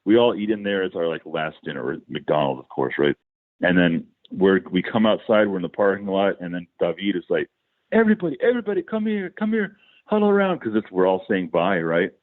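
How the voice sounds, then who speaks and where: Deep-voiced man telling rambling tour stories. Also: fairly quick, no echo. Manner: rambling, animated anecdotes with many restarts. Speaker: musician, guest. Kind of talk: casual storytelling in a podcast interview. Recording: dry, phone-like.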